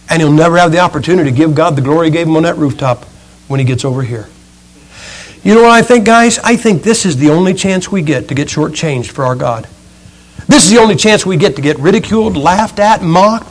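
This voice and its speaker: Middle-aged preacher, high voice, lively folksy sermon with jokes. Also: male voice, moderate pace. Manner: animated, storytelling, folksy humor.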